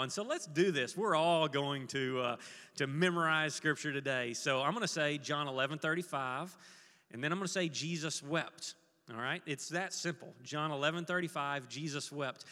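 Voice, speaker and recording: In a large hall, a man with a brightish, somewhat high, forceful voice preaches an earnest sermon as pastor. He leads his congregation in call-and-response, having them repeat a verse along with him.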